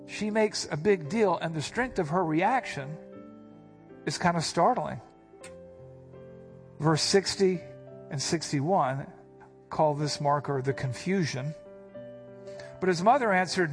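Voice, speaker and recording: A man's voice: on the high side, slow pace, pauses often, faint music behind. A man preaching an expository sermon who explains Greek words and gives quoted speech a sudden, emphatic punch.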